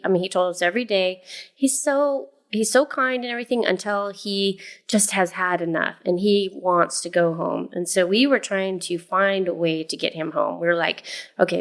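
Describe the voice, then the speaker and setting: A woman's voice: fairly low pitch, smooth. A mother co-hosting a podcast, telling a family story in casual chat with many fillers and restarts.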